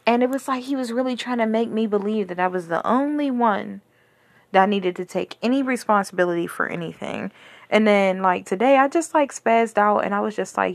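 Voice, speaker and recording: A woman's voice: medium pitch, lively intonation, normal speed, no room sound. A young woman hosting a podcast, bluntly and profanely venting about a relationship in candid storytelling. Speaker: podcast host.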